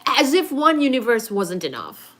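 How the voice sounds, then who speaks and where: Young female streamer, fairly high voice, chatty and animated while talking science with her viewers. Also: moderate pace. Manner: animated and expressive, thinking aloud with laughs. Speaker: livestream science host reading viewer chat. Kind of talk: casual study-stream chat about physics.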